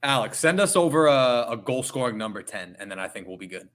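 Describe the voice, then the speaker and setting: A man co-hosting a podcast in a laid-back, slangy way. His voice is bright and forceful, sitting at a middling pitch. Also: very animated, a little fast. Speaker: podcast co-host. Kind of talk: casual podcast chat.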